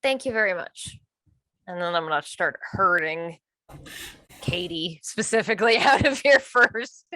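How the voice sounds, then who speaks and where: Woman player, bright voice, dry close sound, thinks aloud. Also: fairly low pitch, expressive, unhurried, dry recording, poor audio. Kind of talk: casual chat at a tabletop game.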